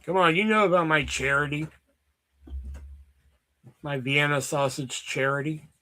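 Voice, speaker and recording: High, bright-voiced man ranting casually. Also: a little slow. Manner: rambling, profane, joking. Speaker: streamer. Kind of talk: casual chat. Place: basement at home.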